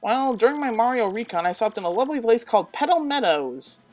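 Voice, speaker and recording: A woman's voice: animated, brisk, darkish tone, lightly acted. A woman voicing a fussy old female turtle witch who serves her king with simpering politeness. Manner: simpering, overly polite, pitched up.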